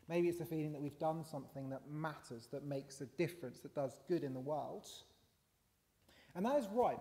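Long church-hall reverb surrounds a man whose voice sits on the high side and sounds warm. He delivers a sermon in a conversational way, using fillers and rising emphasis.

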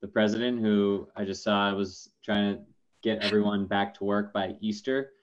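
A man talking calmly as a guest in a casual video call chat, with dull lo-fi call audio. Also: lowish voice, normal speed, a little hiss or hum.

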